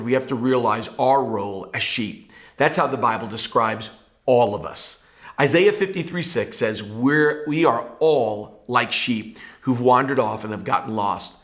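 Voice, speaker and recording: A man's voice: medium pitch, a bit bright. A male pastor giving a devotional Bible teaching in an earnest, emphatic preaching manner.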